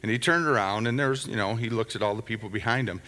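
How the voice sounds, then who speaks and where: Bright-voiced pastor in a reverberant sanctuary. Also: male voice, lowish voice, fast talker. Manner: conversational, anecdotal, chuckling asides. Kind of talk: sermon with storytelling. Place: church sanctuary. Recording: long hall reverb.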